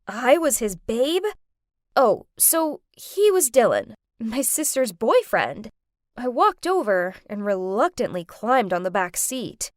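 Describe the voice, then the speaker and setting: A woman narrating an animated story in first person, in an expressive, animated way. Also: on the high side, measured pace, dry recording, studio quality.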